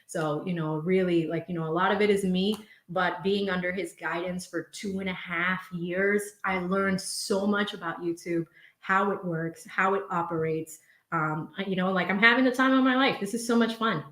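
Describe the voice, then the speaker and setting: A woman's voice: fairly low pitch, fairly even intonation, moderate pace, a bit bright, reverberant. A young woman hosting a casual live stream from home, chatting expressively and often laughing as she reads viewer messages aloud. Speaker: livestream host reading viewer super chats.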